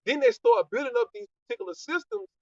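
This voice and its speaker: A man's voice: very high voice, sing-song, fast talker, vocal fry, no room sound. A man in a scripture study group arguing his points with emphasis and answering his own rhetorical questions. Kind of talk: heated discussion. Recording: distant, dull lo-fi, dry.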